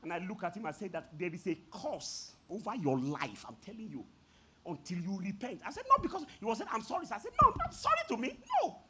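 A man preaching a sermon, telling a story with laughter and sudden shouted peaks. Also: high voice, wildly swooping pitch, fast, a little hiss or hum. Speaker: pastor.

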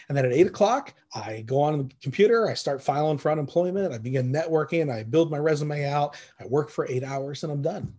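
Husky-voiced man preaching a story sermon. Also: a little high, darkish tone. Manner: storytelling, acts out both sides of conversations. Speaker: pastor.

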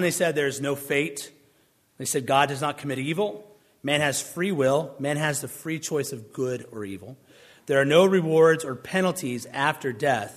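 A man preaching a sermon in a conversational way, with dry, sardonic asides. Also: mid-range voice. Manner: conversational, sardonic asides, puts on mocking voices for questioners.

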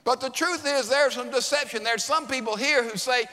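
A middle-aged man preaching a sermon, animated, dropping to hushed asides. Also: very high voice, moderate pace. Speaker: pastor. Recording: long reverb of a large hall.

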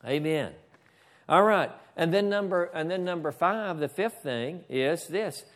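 A man's voice: fairly high pitch, lively intonation, measured pace. A man preaching a sermon in a church, often asking "Amen?" and stopping to direct the slides. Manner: preaching with frequent "Amen?" and asides to the slide operator. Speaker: pastor.

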